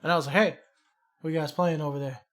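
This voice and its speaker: A man's voice: fairly high pitch, fast talker. A young man with a Chicago accent, co-hosting a podcast and telling rambling, profane stories in a casual chat. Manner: rambling, profane, animated storyteller. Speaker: podcast co-host.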